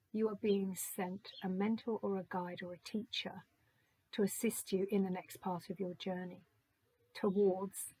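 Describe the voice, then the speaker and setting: A woman with a mid-range, slightly breathy voice gives a gentle, musing oracle card reading. She slowly reads the card texts aloud and reflects on each one, and the recording is rough.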